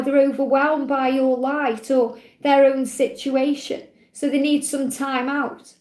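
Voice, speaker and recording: A woman gently reading oracle card messages aloud in a live walkthrough, affirming each one with soft praise. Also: high voice, little pitch movement, a little slow, reverberant. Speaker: tarot and oracle card reader.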